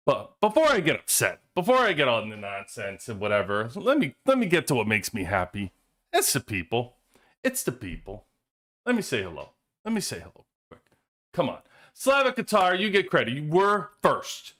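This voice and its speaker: A man's voice: mid-range voice, sharp tone. A man hosting a casual livestream, greeting chat viewers by name and laughing often. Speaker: livestream host.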